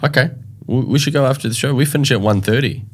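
A man's voice: mid-range voice, fast, husky. A man co-hosting a radio show, chatting casually and teasing his partner. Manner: joking, teasing banter. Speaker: radio co-host.

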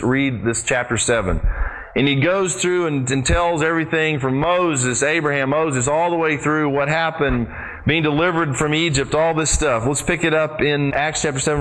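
A pastor preaching a sermon, retelling the story with lively, sweeping swings in his voice and speaking straight to his congregation. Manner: animated storytelling with big pitch swings; addresses the congregation directly.

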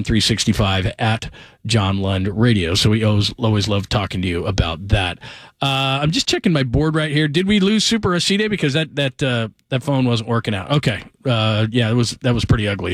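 A man's voice: mid-range voice, fairly quick, dry recording, studio quality. A man hosting a late-night sports call-in radio show, chatting loosely with many "uh" fillers and easy laughs.

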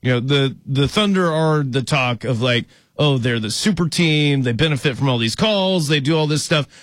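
A man's voice: mid-range voice, animated, moderate pace, fairly bright tone, no room sound, studio quality. A man co-hosting an afternoon sports radio show, chatting loosely and poking fun at his own mistakes. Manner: loose, self-deprecating, laughs easily. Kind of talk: casual sports radio banter.

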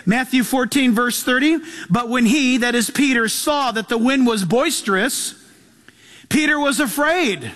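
A man's voice: very high voice, unhurried, fairly bright tone. A man preaching a sermon as pastor, reading scripture aloud and driving his points home with emphasis. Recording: long hall reverb.

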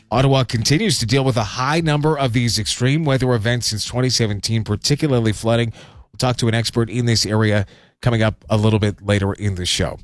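A man hosting radio news, reading in a steady, measured way. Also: mid-range voice, no room sound, clean studio sound. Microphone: studio mic.

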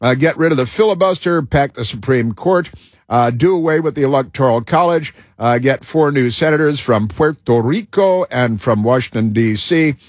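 A man talks his way through a loose host monologue, stopping and restarting, leaning on uh and um as he goes. His voice sounds husky and a little rough, and the recording is dry and close with no room sound. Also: mid-range voice, no echo. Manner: halting, with many fillers and restarts. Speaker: talk show host. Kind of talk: rambling talk show monologue.

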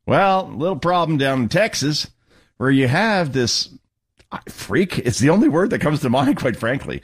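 A man's voice: unhurried, breathy edge. A man hosting a talk radio show, delivering sarcastic, mocking political commentary. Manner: sarcastic, mocking, lively pitch swings.

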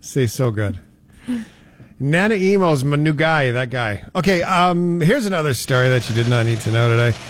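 A man's voice: medium pitch, lively intonation, normal speed, no echo. A man hosting a radio show, bantering casually in a playful, storytelling way.

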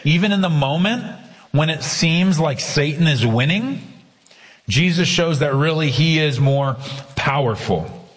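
A man preaching a sermon, earnest, slowing down hard to stress key lines. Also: fairly high pitch, expressive, long reverb tail. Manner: earnest preaching with slow emphatic quotes. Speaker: pastor.

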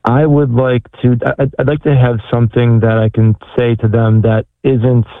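A man calling in to an advice show, speaking in a halting, hesitant way. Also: medium pitch, level tone, no room sound. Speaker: caller. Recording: tinny phone line.

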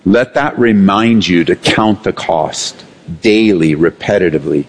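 A man preaching a sermon as pastor, animated, swinging between raised and hushed delivery. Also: low voice, unhurried.

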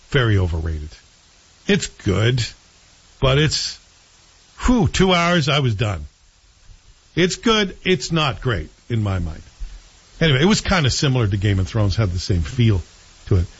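Husky-voiced chatty male host. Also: medium pitch, very animated, moderate pace, long pauses, highs cut off. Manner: chatty, opinionated, rambling with self-corrections. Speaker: show host reviewing TV series. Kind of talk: casual chat.

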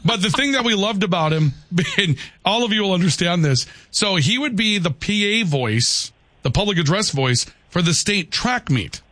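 A man hosting a sports talk radio show with a bright, ringing voice that swings up and down a lot. He teases his co-host and laughs as he tells stories, and the studio mic sounds dry and close. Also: sits high, big pitch swings, moderate pace, dry recording. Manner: jokey, teasing, laughs while telling stories.

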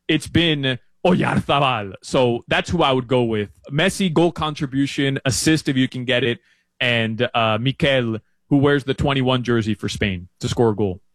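A man talking through soccer picks in a rambling, animated way, full of fillers and restarts, as a guest on a sports chat show. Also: medium pitch, no echo. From Uruguay fan living in Miami.

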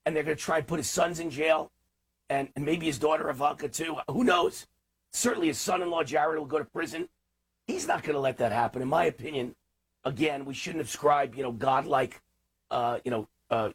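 A man's voice: on the high side, slightly rough. A man hosting a talk radio show, delivering an impassioned, ranting political monologue.

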